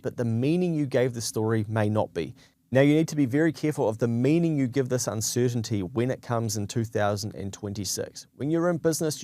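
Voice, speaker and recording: A man with a New Zealand accent talks through business advice in a conversational, straight-to-camera way. His pitch sits in an ordinary middle range, and the recording is dry and close with little room sound. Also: warm tone, no echo. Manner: conversational, acts out quoted voices. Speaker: business advisor.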